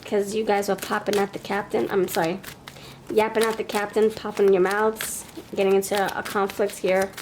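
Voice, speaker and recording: Doing a pick-a-card tarot reading, a New York-accented woman talks chattily and reasons aloud. Her mid-range voice barely moves in pitch, her pace is moderate, and there's slight background noise.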